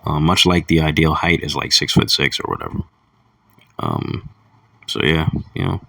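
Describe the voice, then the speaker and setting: A man's voice: a bass voice, big pitch swings, normal speed, gravelly, bright, forceful tone, dry recording, far from the mic. A young man talking in a crude, rambling casual monologue, chuckling between thoughts. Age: young adult. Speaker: vlogger.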